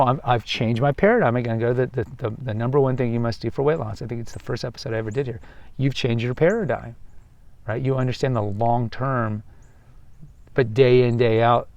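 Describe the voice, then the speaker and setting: A podcast host with a Texan accent speaks emphatically while walking outdoors along a waterfront path, his medium-pitched voice gravelly and somewhat dark, with no room sound. In this outdoor monologue he often restarts and corrects his phrases and acts out the voices of people he quotes.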